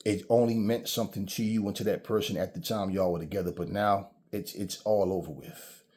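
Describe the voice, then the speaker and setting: This channel host delivers a casual, ranting monologue about relationships, blunt, profane and preachy, with stories mixed in. His voice sits low with fairly even intonation and a darkish tone, and he talks briskly.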